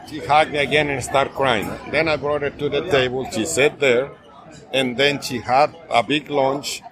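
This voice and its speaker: A restaurant owner, telling animated anecdotes in a casual interview and acting out the voices of the people in them. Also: male voice, medium pitch. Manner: animated anecdotes, acts out quoted voices, laughs often. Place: busy restaurant bar. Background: crowd chatter.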